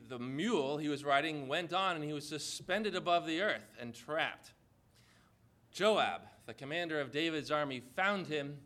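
A man delivers a sermon in a somewhat high, bright, forward voice. He retells a scripture story, slowing down on key phrases and posing rhetorical questions to his listeners. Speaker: preacher.

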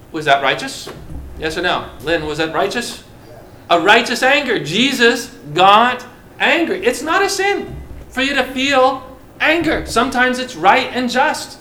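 A man preaching a sermon, animated and posing rhetorical questions to his listeners. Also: high-pitched, slight background noise. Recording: roomy echo.

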